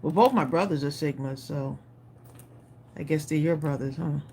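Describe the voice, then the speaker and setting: A woman's voice: sits low, normal speed, warm tone, slight background noise. A woman co-hosting a live stream, chatting and telling family stories. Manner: chatty, reacts with short murmurs and laughs. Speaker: co-host of a live craft stream. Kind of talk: casual chat.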